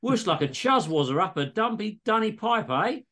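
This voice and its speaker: A high, yelping Aussie bloke in pain, exaggerated accent, comedy read. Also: male voice, sing-song, moderate pace, bright, forceful tone, heavily acted. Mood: chatty. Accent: exaggerated Australian. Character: hapless male patient, Aussie bloke, middle-aged. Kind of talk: comedy story reading.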